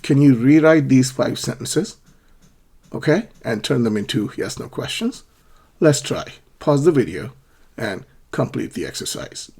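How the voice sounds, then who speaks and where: Brief: male ESL teacher, husky tone, lively up-and-down pitch, patient drills. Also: a little slow. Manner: patient, repeats examples with clear question intonation. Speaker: English teacher. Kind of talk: ESL grammar lesson.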